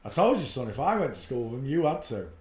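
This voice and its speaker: A man's voice: medium pitch, very animated, fast, a little mellow. A man hosting a live stream, chatting and bantering casually. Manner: jokey banter, talks to his dog. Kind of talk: casual chat. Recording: echoey room with faint noise.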